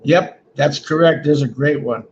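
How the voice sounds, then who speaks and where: Brief: male livestream host, fairly high voice, joking and rambling, dull lo-fi audio with a faint hiss behind. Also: measured pace. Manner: rambling, joking, often ends lines with "man". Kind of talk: casual livestream chat reading comments.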